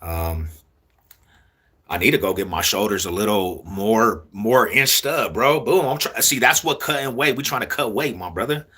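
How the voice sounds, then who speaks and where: A young man talking casually to his viewers in street slang, repeating himself in a loose, drawn-out way. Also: lowish voice, sharp tone, husky. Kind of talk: casual street talk to camera.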